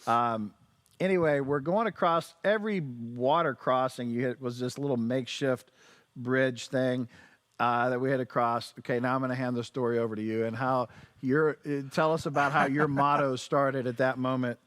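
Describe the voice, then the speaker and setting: A man co-hosting a casual church talk show, relaxed and setting up a story. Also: medium pitch, moderate pace, no echo. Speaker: co-host. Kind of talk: casual conversation.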